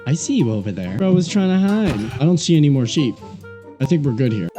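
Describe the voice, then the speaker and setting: A young man giving casual gameplay commentary as a video creator, goofy and self-mocking, with sudden high-pitched outbursts. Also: big pitch swings, brisk, dark tone. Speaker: gaming YouTuber. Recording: music playing behind.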